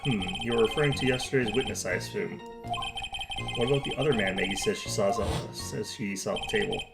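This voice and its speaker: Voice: mid-range voice, brisk, gravelly, close to an everyday voice. Young defense lawyer, read by a streamer, wry and mildly exasperated. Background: loud game music.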